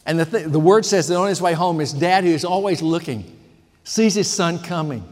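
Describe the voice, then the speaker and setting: A man's voice: fairly high pitch, normal speed, darkish tone, in a large hall. A man preaching a sermon, retelling a parable and voicing the characters' thoughts. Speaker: pastor.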